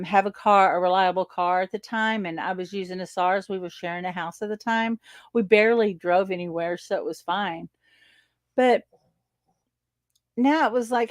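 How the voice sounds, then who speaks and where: A woman teacher telling a personal story in an animated way, acting out the exchanges and laughing often. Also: medium pitch, no room sound. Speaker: spiritual teacher. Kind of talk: storytelling monologue.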